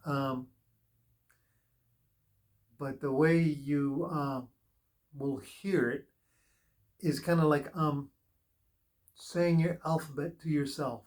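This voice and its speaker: A man giving a casual spiritual tarot reading, talking slowly with many pauses and fillers. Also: on the high side, steady tone, a little mellow. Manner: slow, unhurried, with pauses and fillers. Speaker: tarot reader.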